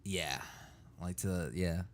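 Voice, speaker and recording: A man's voice: low-pitched, slow pace, a little hiss or hum. A young man co-hosting a podcast, joking animatedly and swearing a lot in casual chat. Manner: animated, profane, jokey. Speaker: podcast co-host.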